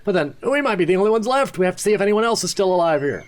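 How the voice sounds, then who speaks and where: A man's voice: high-pitched, animated, racing, slight background noise, pitched above the performer's own voice. A man voicing an anxious, earnest young male apprentice in a fantasy game, speaking in a pleading way. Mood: urgent.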